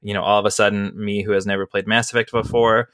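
Bright-voiced man hosting a podcast. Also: fairly low pitch, level tone, fast talker, slight background noise. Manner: rambling, chatty with frequent fillers and laughs. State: has the hiccups. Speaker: podcast host. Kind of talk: casual chat.

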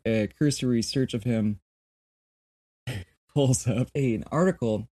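Podcast guy, mellow dark voice, laughs a lot, reads stuff out casual. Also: medium pitch, takes it slowly. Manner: laughing often, animated, swears casually. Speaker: podcast co-host. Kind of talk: casual podcast chat reading sources.

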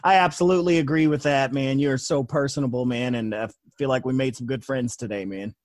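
Excitable chatty male podcast co-host. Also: medium pitch, brisk, no room sound. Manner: enthusiastic, laughing, chatty. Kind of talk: casual interview chat.

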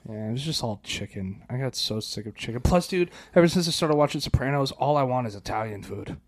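A young man co-hosting a podcast, telling stories in a loose, profane, animated way. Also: medium pitch, fairly quick. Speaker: podcast co-host. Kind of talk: casual chat.

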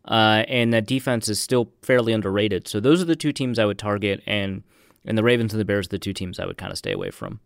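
A man talking as a guest analyst on a sports show, measured and analytical, hedging his points. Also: fairly low pitch, very animated, vocal fry, no room sound, clean studio sound.

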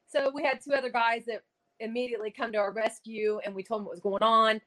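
A woman's voice: a little high, fairly even intonation, fast, rough recording. Earnest woman telling a ghost story. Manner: dramatic, earnest storytelling with many "you know" fillers. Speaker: medium and ghost hunter.

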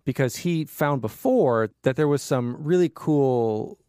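A man's voice: mid-range voice, lively intonation, unhurried, dark tone, smooth, no room sound. Regular guy, mid voice, chatting on a podcast, lots of likes, dry close mic. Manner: loose and conversational, many fillers. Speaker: podcast co-host. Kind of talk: casual chat.

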